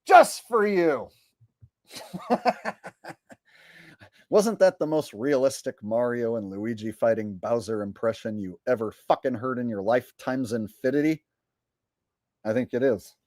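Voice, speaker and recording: A man's voice: medium pitch, lively intonation, unhurried, long pauses, warm tone, no room sound, studio quality. A man hosting a livestream with rambling, indignant, profane commentary. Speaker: livestream host.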